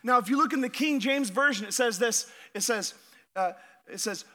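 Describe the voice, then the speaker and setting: A middle-aged man preaching a sermon as a pastor, energetic, often repeating words and asking the congregation questions. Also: very high voice, moderate pace.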